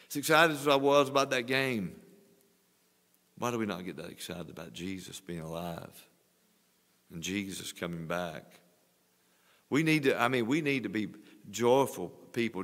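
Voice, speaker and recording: Pastor in his sixties preaching. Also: fairly low pitch. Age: 60s. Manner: earnest preaching, swelling louder on exhortations. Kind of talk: sermon. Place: church sanctuary. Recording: long church reverb.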